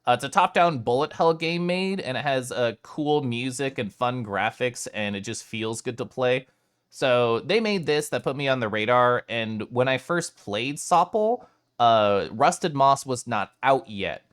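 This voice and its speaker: A man streaming live, chatting casually with his viewers in an animated way and swearing now and then. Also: mid-range voice, unhurried, smooth.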